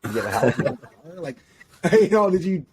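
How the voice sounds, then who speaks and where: A man's voice: fairly high pitch, moderate pace, slight background noise. A man speaking as a relationship expert guest on a podcast, talking casually in slang with frequent laughs. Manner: slangy, animated, laughs often.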